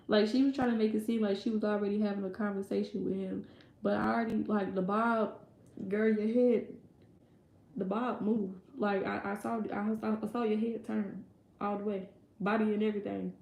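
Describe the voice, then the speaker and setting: A woman's voice: mid-range voice, flat delivery, normal speed, vocal fry, darkish tone. A young woman telling a personal story in a casual, rambling way, full of fillers and quoted voices. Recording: echoey room.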